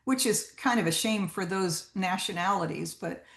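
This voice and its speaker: A woman's voice: medium pitch, moderate pace, gravelly, echoey room. A woman voice actor talking casually to a writers' group about narrating audiobooks, chatty and full of restarts. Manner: chatty, with many fillers and restarts.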